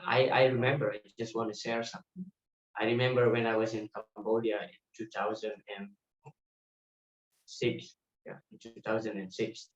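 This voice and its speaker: A man teaching a devotional class, telling lively anecdotes with laughter. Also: lowish voice. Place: temple hall. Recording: distant muffled mic in echoey hall.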